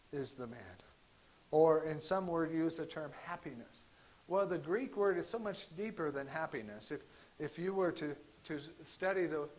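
Male pastor, a touch higher-pitched, easygoing sermon full of "uh" and restarts. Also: low-quality recording. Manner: conversational, halting with fillers and restarts. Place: church sanctuary.

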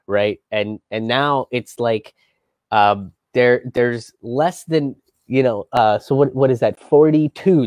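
A man at an average pitch talks through history in a casual, meandering way. He leans on ums and likes, and drops in sardonic, sometimes profane asides. His voice sounds close and dry, with no room echo. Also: a little mellow. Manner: loose and rambling, heavy on fillers, wry and profane. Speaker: comedian and show host.

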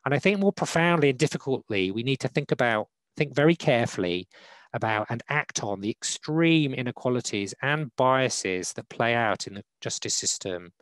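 A man speaking as a law panelist in a formal online talk, measured and hesitant with frequent fillers, on a video call. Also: medium pitch, lively intonation, fairly bright tone, no room sound, rough recording. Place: online webinar.

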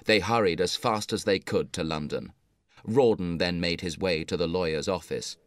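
A man narrating a story for English learners in a measured, clear reading. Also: deep voice, no room sound, studio quality.

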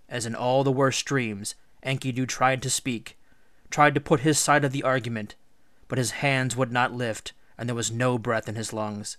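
A teacher reading a storybook aloud in a measured, expressive way. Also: male voice, mid-range voice, no room sound, studio quality. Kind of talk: read-aloud storybook narration.

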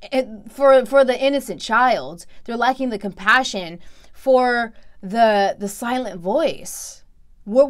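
A woman's voice: fairly high pitch, a bit bright. A woman giving emphatic, preachy commentary in a reaction video, repeating herself for stress.

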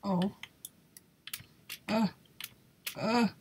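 A woman's voice: medium pitch, fairly even intonation, drawn-out words, a little mellow, a little hiss or hum. A woman giving casual gameplay commentary in a nervous, exclaiming way, laughing often. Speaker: YouTuber playing a video game.

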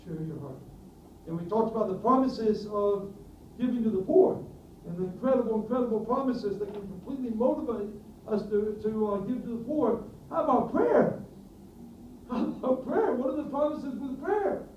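High-voiced man preaching in an echoey hall. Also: animated, normal speed, a little hiss or hum. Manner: earnest, questioning the congregation, rising to loud emphatic peaks. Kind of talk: sermon. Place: church hall. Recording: distant roomy mic, dull sound, faint ambience.

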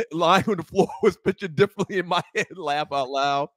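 A man's voice: on the high side, normal speed, dry recording. A man co-hosting a casual talk show from a bar, joking and reading sponsor promos and chat messages. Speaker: co-host.

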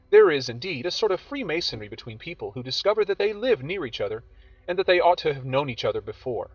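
Expressive male horror story narrator. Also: fairly high pitch, husky, dry recording. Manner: expressive, dramatic reading. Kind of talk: scripted horror story reading. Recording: dull audio with faint music.

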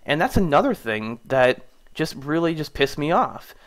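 A man's voice: sing-song, moderate pace. Indignant young man telling a rant. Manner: indignant, rising in pitch when annoyed. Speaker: gaming YouTuber. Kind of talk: casual storytelling rant.

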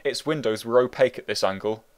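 A man who wrote the book, reading it as an audiobook narrator in a wry, meandering, deadpan way. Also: mid-range voice, fast talker.

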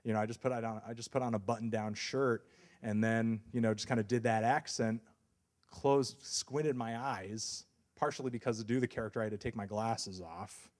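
A man's voice: on the low side, steady tone, normal speed, a little mellow. A young man giving a casual university talk as a music reviewer, rambling and self-deprecating, with lots of fillers and restarts. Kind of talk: casual lecture.

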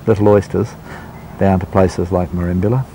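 A man's voice: sits low, fairly even intonation, normal speed, dark tone, slight background noise. A man, an oyster grower, answering interview questions in a confident, matter-of-fact way. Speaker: oyster grower and seafood restaurant owner.

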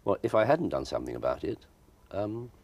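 An older man from South answers questions in a televised interview. His voice sits very low, yet it swoops up and down a lot. He talks in a wry, self-deprecating way, stopping and repeating himself as he thinks. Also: very animated, a little fast, a little mellow, breathy edge. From South London. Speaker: guest actor. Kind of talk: broadcast interview. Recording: TV studio interview from 1983.

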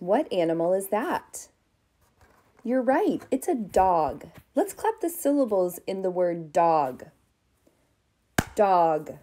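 A woman preschool teacher speaking to young children in a slow, sing-song, encouraging way, stretching out words as she claps them. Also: medium pitch, mellow, slight background noise.

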